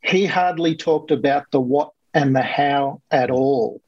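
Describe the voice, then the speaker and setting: A man coaching guest telling a client's success story in a lively, conversational way, acting out other people's lines as he goes. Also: mid-range voice, a little slow, no echo, highs cut off. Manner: animated, quotes others in lively voices.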